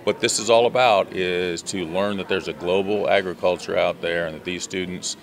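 A man's voice: deep voice, steady tone, moderate pace. An American man who leads a student agriculture tour, answering interview questions earnestly and advocating for farming, with some restarts. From USA.

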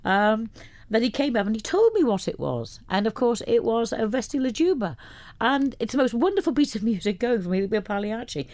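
A woman who heads a youth arts centre, telling stories as a guest on a radio interview in a lively, rambling way. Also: on the high side, a little fast, dry recording.

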